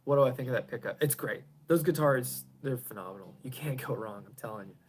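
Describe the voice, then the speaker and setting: A man's voice: medium pitch, fast talker, a little hiss or hum. Chatty man rambling in a garage. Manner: rambling, chuckles often, trails off quietly. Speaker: pedal builder hosting a live stream. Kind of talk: casual live-stream chat answering viewers. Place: home garage.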